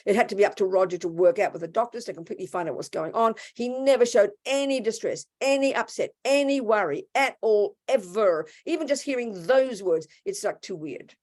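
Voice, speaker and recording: A woman's voice: mid-range voice, a little fast, hardly any pauses. Lady giving a dharma talk, blunt and informal, does little voices for the quotes. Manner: animated, acts out quoted voices. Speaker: Buddhist teacher.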